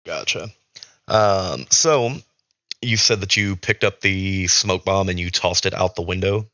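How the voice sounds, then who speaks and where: A man's voice: deep voice, steady tone, a little slow, bright, forceful tone, no room sound, highs cut off. A man running a tabletop game as storyteller, ruling on rolls and narrating in a hesitant, thinking-aloud manner.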